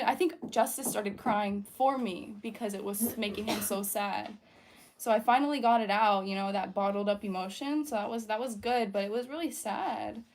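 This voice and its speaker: A young woman hosting a casual livestream, talking in an earnest, chatty way with lots of fillers. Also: medium pitch. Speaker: livestream host. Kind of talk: casual livestream chat while painting.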